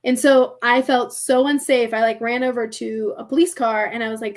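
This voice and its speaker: A young woman with a somewhat high voice recounts a personal story on a podcast. She talks casually and animatedly, peppering her sentences with "like" and slipping into the voices of people she quotes. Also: normal speed, hardly any pauses. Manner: animated, heavy use of "like", acts out quoted voices. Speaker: podcast guest.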